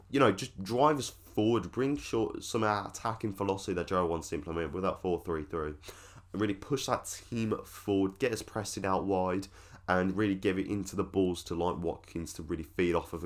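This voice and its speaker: A man hosting a football fan channel, giving rambling, opinionated commentary with lots of fillers. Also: sits low. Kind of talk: casual commentary to camera.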